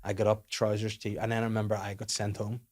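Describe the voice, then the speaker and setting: Male podcast host, lowish voice, rambling storyteller with many restarts. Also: monotone, quick pace, darkish tone. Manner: rambling anecdotes full of restarts and quoted asides. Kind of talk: casual comedic chat.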